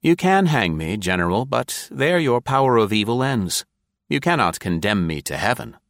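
A man's voice: mid-range voice, sing-song, fairly bright tone, dry recording, clean studio sound. Man voicing a doomed spy, cool then frantic. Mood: grave. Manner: measured and reasoning, breaking into frantic pleading. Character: calm captured male spy facing execution, coolly philosophical. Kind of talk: audiobook character reading.

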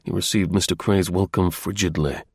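A man narrating an audiobook in a measured storytelling manner. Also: sits low, steady tone, slightly rough, no room sound, studio quality.

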